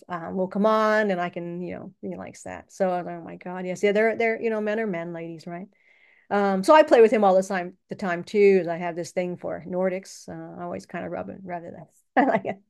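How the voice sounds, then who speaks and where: A chatty woman talks to the camera in a loose, rambling personal monologue. She laughs often, and her voice sits at an ordinary middle pitch. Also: creaky, darkish tone. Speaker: channel host.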